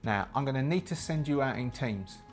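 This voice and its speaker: Man reading as a bossy woman running a survivor camp, brisk and blunt, handing out orders in a zombie game, soft music behind. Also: medium pitch, lively intonation, close to an everyday voice.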